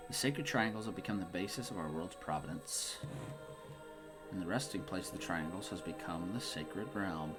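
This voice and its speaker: A man's voice: low voice, normal speed, loud music behind the voice, voice pushed down, close to an everyday voice. A man reading aloud the solemn lines of an ancient, dying male tree spirit while playing a game.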